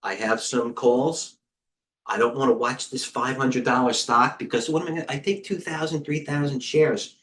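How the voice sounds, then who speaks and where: A middle-aged man hosting a live trading stream, giving casual market commentary in a rambling way, with quick asides, restarts and talking to himself. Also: medium pitch, fairly even intonation, fairly bright tone. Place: indoor room with a heater on.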